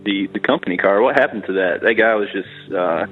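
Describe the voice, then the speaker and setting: A man's voice: on the low side, fairly quick, phone-quality sound, faint music behind. A man from Kentucky calling in to a web show, friendly and joking. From Kentucky, USA. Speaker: caller.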